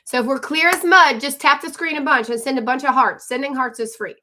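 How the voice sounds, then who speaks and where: A woman hosting a live stream as an online coach, talking fast and chatty and greeting viewers by name. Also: sits high, steady tone, pushed and bright. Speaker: livestream host and online coach. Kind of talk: live stream chat and sales pitch.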